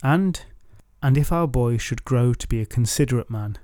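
Man doing a practical noble woman weighing her options, calm, mellow. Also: medium pitch, normal speed, no echo, clean studio sound, close to an everyday voice. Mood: reasoning.

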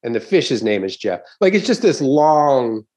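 A middle-aged man, a stand-up comedian, tells a long story in a loose, casual chat. He swears freely and leaps into bits of the crowd's reactions. His voice sits at an ordinary pitch for a man. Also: unhurried. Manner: animated, swears often, acts out crowd reactions.

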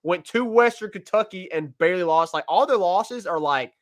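A man's voice: high voice, expressive, normal speed. A man co-hosting a sports podcast, chatting casually and often laughing, with plenty of fillers.

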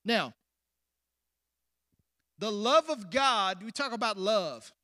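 A man preaching a sermon, asking the congregation questions, rushing ahead at times and then slowing and dropping to hushed endings. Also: high voice, animated, no room sound, studio quality. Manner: preaching with sudden rushes and drawn-out, hushed endings. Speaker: pastor.

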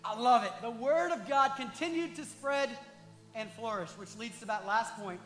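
A male pastor preaching a passionate sermon, at times rising to shouts and talking directly to the congregation. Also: very high-pitched, lively intonation, moderate pace, reverberant, soft background music.

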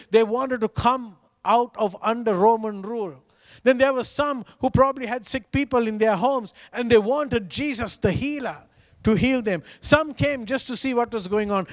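A man's voice: high-pitched, in a large hall. A man preaching a sermon as pastor, earnest and pleading, repeating phrases for emphasis.

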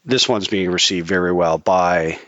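A man's voice: low-pitched, moderate pace, fairly bright tone, dry recording, highs cut off. A man co-hosting a casual chat, opinionated and swearing freely, with many restarts. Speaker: podcast co-host.

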